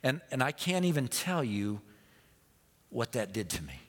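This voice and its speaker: Male pastor, mid-pitched, storytelling sermon with repetition, long hall reverb. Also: sing-song, measured pace, a bit bright. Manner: storytelling, repeats phrases, drops to a whisper.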